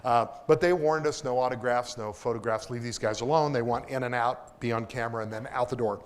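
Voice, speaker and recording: A man's voice: mid-range voice, fairly quick, clear, resonant tone. Man from Kansas giving a lecture, enthusiastic and self-mocking, with a mid-range voice. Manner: enthusiastic, self-deprecating humor. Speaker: propulsion engineer giving a public lecture. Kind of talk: lecture with anecdotes. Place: lecture hall.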